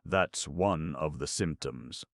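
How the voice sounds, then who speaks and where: A man voicing a gruff, pompous older uncle who blusters and scolds in an audiobook. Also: extremely low pitch, slow pace, fairly bright tone, dry recording, clean studio sound, heavily acted. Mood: blustering.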